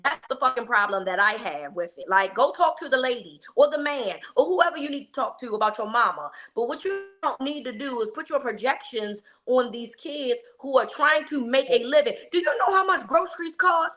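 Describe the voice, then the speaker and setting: A woman's voice: high voice, animated, fairly quick, few pauses, sharp tone. A woman co-hosting a sports podcast, talking in a blunt, profane, scolding way. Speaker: podcast co-host. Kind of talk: casual sports chat.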